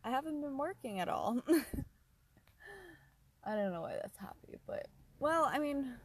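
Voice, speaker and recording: A young woman hosting a casual solo podcast, rambling softly, laughing often and sometimes dropping to a whisper. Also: high voice, expressive, measured pace, slightly rough, no echo. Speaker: podcast host.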